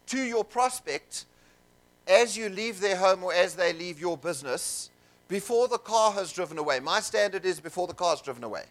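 A man telling stories to a seminar audience, animated and jokey, with asides to the crowd in a conference room. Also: sits high, normal speed. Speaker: seminar speaker. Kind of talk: keynote storytelling to an audience.

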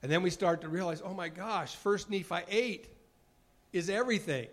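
A man preaching with earnest conviction, his voice sitting a little higher than most men's. He moves from testimony into acted-out exchanges, his words catching now and then as feeling rises. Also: moderate pace, fairly bright tone. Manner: earnest testifying, acts out dialogues. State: choked up with emotion at times. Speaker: former mission president giving a devotional talk. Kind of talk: sermon.

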